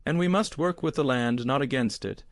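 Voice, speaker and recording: A man voicing a weathered older Finnish swamp foreman who speaks slowly and calmly with a Finnish accent. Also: mid-range voice, no echo, studio quality, close to an everyday voice. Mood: patient. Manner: slow, calm, deliberate.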